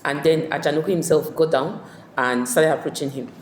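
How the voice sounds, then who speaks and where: A woman's voice: low voice, fairly quick. A woman tutor casually retelling a play scene by scene, acting out the characters' lines as she goes. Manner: animated storyteller acting out quoted characters. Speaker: literature tutor. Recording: echoey room with faint ambient noise.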